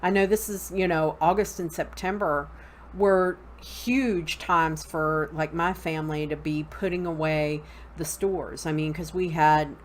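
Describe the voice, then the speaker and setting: A middle-aged woman hosting a casual spoken lesson on Wicca, relaxed and full of fillers, often checking in with "okay?". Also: sits low, unhurried, slight background noise. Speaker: host teaching a Wicca course.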